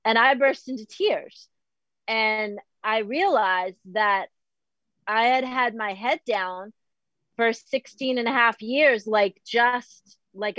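A middle-aged woman from Boston, talking candidly in a slightly high voice. She is animated and self-deprecating and keeps quoting her own past thoughts. The sound is dry and a little dull. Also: slow pace, no echo. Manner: animated, self-deprecating, quotes herself often. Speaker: podcast guest. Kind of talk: candid conversational chat.

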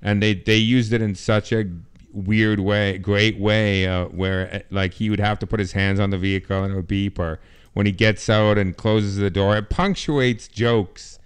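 A man with a lowish, smooth voice talking over a film with friends. He is blunt and profane, tossing out jokes between opinions. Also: steady tone, normal speed. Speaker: podcast co-host. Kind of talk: casual movie-review chat.

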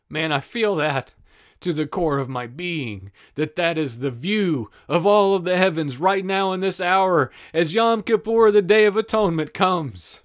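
A man preaching an impassioned sermon, fervent and emphatic, swinging between urgent and hushed. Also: high-pitched, unhurried.

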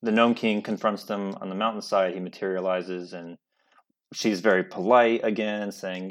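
A man's voice: deep voice, steady tone, normal speed. A man in casual chat, recapping a film plot in a rambling way with casual swearing. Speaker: podcast co-host.

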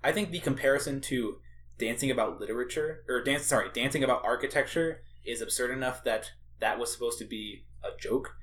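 A mid-pitched man chats casually, agreeing often and feeling his way through his thoughts with many restarts. Faint ambient noise stays in the background. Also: fairly quick, a bit bright. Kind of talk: casual discussion.

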